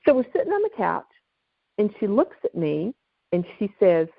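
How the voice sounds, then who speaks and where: A woman, a guest author, telling lively stories during an interview, on a dull, dry recording. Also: mid-range voice, normal speed, creaky, no echo. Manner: animated, lively storyteller. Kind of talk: storytelling in an interview.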